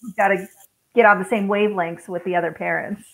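A woman's voice: medium pitch, fairly even intonation, fast talker, creaky, poor audio. A woman chatting on a podcast, chiming in with thoughtful remarks. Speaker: podcast guest. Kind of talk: casual chat.

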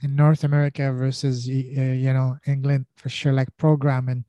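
A man's voice: mid-range voice, flat delivery, moderate pace, warm tone, dry recording, muffled recording. A man, a podcast guest chatting casually with frequent restarts and fillers. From France. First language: French. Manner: rambling, many restarts and fillers. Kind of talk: casual conversation.

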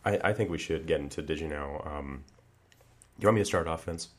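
A man's voice: very deep voice, fairly quick. A man co-hosting an improvised comedy podcast, talking earnestly with lots of fillers and restarts. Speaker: podcast co-host.

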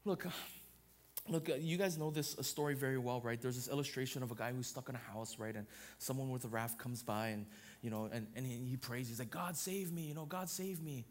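A man preaching a sermon on marriage, loud and expressive, often checking in with "right?". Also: medium pitch, a little fast. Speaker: pastor.

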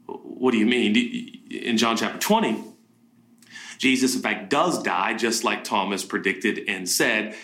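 A man preaching a sermon, animated, acting out quoted voices with big jumps in pitch. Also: measured pace, roomy sound. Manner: animated, acts out voices of biblical figures and himself with pitch jumps. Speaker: pastor.

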